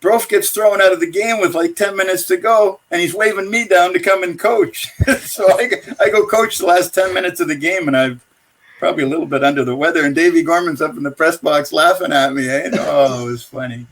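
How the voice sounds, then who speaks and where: An older man with a somewhat high voice tells rambling hockey stories as a podcast guest. He chuckles between anecdotes and wanders through the details in a loose, casual way. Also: steady tone, fairly quick, fairly bright tone. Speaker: guest, former pro hockey player and coach. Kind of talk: casual storytelling.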